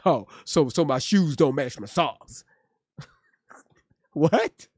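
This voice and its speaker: A male streamer offers blunt, profane live commentary on a clip, frequently repeating his words as he thinks. He speaks slowly and animatedly at medium pitch, with a slightly mellow tone. The studio audio is clean and free of echo.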